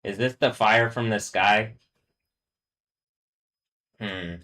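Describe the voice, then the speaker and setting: Brief: lower-voiced man, live stream host, rambly and loose, filler-heavy chatter into a desk mic. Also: steady tone, drawn-out words, sharp tone. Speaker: livestream host. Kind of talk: casual live stream chat.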